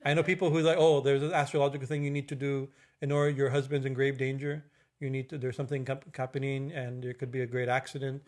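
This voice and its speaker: A man giving a religious discourse as a swami, halting with fillers and restarts and slowly chanting Sanskrit verses. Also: mid-range voice, flat delivery, darkish tone. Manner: halting, many fillers and restarts, tag questions. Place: temple.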